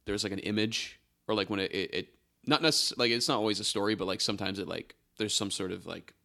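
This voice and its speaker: A man's voice: lowish voice, fast, creaky, sharp tone. A young man co-hosting a casual music podcast, rambling with lots of fillers and jokes. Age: young adult. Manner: rambling, many fillers, joking. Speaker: podcast co-host. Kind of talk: casual chat about music.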